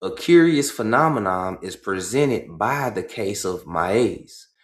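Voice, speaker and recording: In an echoey room, a man with a lowish, slightly mellow voice reads a book aloud on a livestream. He goes slowly, breaks off regularly to paraphrase and explain, and checks in with "right?".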